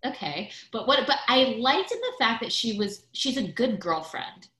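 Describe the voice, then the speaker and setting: A woman's voice: a little high, big pitch swings, moderate pace, bright, forceful tone, echoey room. A woman in casual podcast chat, talking in a gossipy way with many fillers. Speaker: podcast guest.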